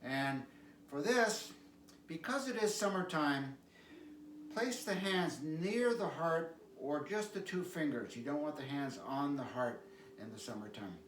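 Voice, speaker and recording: A man teaching qigong, calmly cueing stretches and breathing sounds with repeated prompts. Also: fairly high pitch, unhurried, a little hiss or hum. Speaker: qigong instructor. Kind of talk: guided exercise instruction. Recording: echoey room, mic at a distance.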